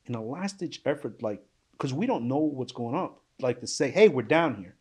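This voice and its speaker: A man giving an emotional personal account as a panel guest, halting and subdued, with restarts and trailing pauses. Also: medium pitch, lively intonation, darkish tone, husky. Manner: subdued, intense storytelling. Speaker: panel guest recounting survival.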